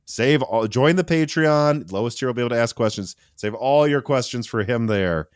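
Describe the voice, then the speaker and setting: A man hosting a casual tech podcast, talking in an animated, rambling way with restarts and asides. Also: medium pitch, normal speed, clean tone, dry recording, studio quality. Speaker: podcast host.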